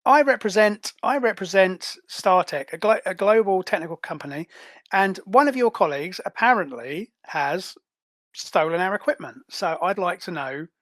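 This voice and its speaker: A man's voice: high-pitched, expressive, normal speed, fairly bright tone, no room sound. A man voicing a brash, blustering armoured male corporate enforcer whose voice is filtered through a comms system. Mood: threatening. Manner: blustering, threatening.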